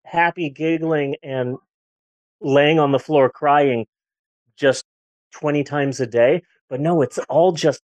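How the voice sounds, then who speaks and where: A woman's voice: low-pitched, slow, a little mellow, dry recording. A woman in her forties chatting candidly on a podcast, rambling a little and restarting her sentences. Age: 40s. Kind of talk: casual podcast chat.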